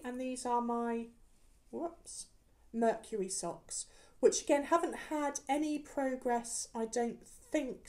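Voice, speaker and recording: On camera showing her work, a woman hosts a knitting podcast in a slightly high voice with a dark tone. She chats casually about her projects, often stumbling into ums and restarts.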